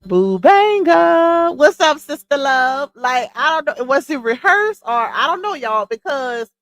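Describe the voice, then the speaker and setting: A woman's voice: high-pitched, unhurried, pushed and bright, dry recording. A woman hosting a live stream, chatting casually and incredulously to her viewers, with laughing asides. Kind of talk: casual commentary on a clip.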